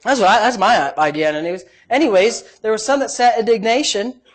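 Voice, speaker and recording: In a fairly quick sermon, a high-voiced, middle-aged pastor preaches with emphasis, moving between soft asides and loud exclamations.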